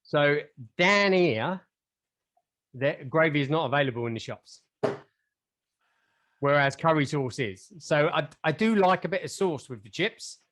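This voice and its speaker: A man from England, co-hosting a podcast, speaks unhurriedly with frequent pauses in a somewhat high, slightly bright voice with lively intonation. He rambles through casual chat, joking and often mocking himself.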